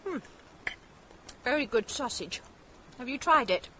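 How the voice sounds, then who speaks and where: Tart wife, high voice, lively, quick retorts, noisy recording. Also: female voice. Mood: bickering. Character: sharp-tongued, quarrelsome middle-class wife. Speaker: wife in a stage drama. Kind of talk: radio drama acting. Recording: clear background noise.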